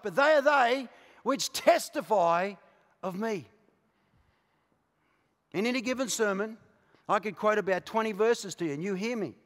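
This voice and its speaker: A man with an Australian accent preaching a passionate sermon as a pastor, moving from quiet, intimate asides to shouted declarations. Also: sits high. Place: large church auditorium. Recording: live church recording with long hall reverb.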